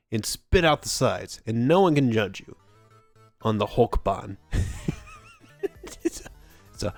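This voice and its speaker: Very animated, giggly streamer from Texas. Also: medium pitch, no room sound. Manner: playful and giggly, sounding out German ride names. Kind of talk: casual game-streaming commentary.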